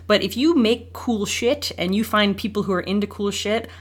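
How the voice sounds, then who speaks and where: A woman hosting a podcast in casual chat, laughing often and chiming in with quick affirmations. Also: medium pitch. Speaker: podcast host.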